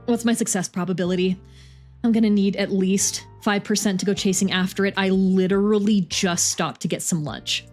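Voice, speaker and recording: A woman's voice: medium pitch, fairly even intonation, normal speed, a little mellow, soft background music, natural voice. A woman voicing a weary, wry young woman football player who sighs and curses. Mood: frantic. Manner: sarcastic, sighing, swearing.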